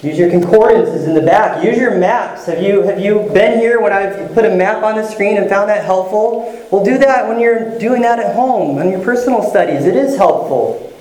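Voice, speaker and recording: A man's voice: high-pitched, moderate pace, darkish tone, roomy sound, rough recording. A male pastor giving a sermon in a conversational, encouraging way, often repeating phrases.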